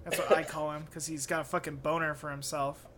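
A man with a high, bright, forceful voice, hosting a loose comedy podcast. He laughs easily and riffs crudely between jokes. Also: flat delivery, brisk, slight background noise. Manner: giggly, crude, jokey. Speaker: podcast co-host. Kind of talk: casual comedy chat.

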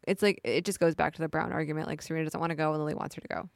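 A young woman with a slightly low voice chats casually about a TV episode, sprinkling "like" everywhere. The sound is dry and close to the mic. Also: rapid-fire, vocal fry, dry recording. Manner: chatty, peppered with "like", animated retelling. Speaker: podcast co-host. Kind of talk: casual TV recap chat.

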